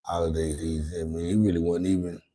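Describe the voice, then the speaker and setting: Fast-talking and flat in delivery, this host has a low, warm voice, heard through poor audio. He's a man with grown children doing a casual late-night livestream, loose and profane, rambling and repeatedly restarting his words.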